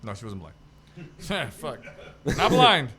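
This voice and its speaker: A man's voice: fairly high pitch, very animated, takes it slowly, sharp tone, a little hiss or hum. A man co-hosting a casual podcast, telling a story full of swearing and laughter. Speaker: podcast co-host.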